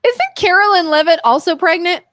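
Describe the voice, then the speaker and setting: A woman co-hosting a casual live-streamed talk show, bantering in an animated, playfully defensive way. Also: very high voice, a little fast, dry recording, clean studio sound. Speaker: co-host.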